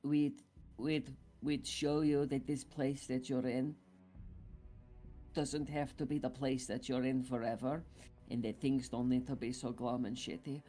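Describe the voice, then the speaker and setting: Male player as young female adventurer, emotional, halting, slow delivery. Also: medium pitch, flat delivery, warm tone, soft background music, close to an everyday voice. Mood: tearful pleading. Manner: halting, stammering, apologetic. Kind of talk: roleplaying a tabletop game character.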